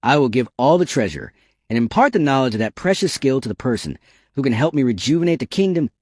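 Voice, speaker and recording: A man's voice: medium pitch, sing-song, fast, darkish tone, dry recording, studio quality. A man voicing the ghost of a boastful boy-king, brash and petulant. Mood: proud.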